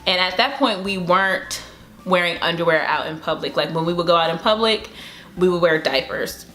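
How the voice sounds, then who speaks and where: Young woman, casual mom vlog, chatty, a bit low-voiced, music in the background. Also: brisk. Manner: chatty, excited cheering for her toddler. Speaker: mom vlogger. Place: home.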